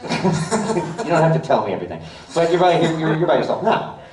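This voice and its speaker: A man running a live stage show, joking and ad-libbing at the crowd in a lively, bouncing voice. He is heard from the seats through a camera, far from the stage. The theater's echo fills every line. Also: on the high side, fairly quick. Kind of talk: live comedic stage demonstration. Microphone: audience camera from afar. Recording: echoey theater recorded from the audience.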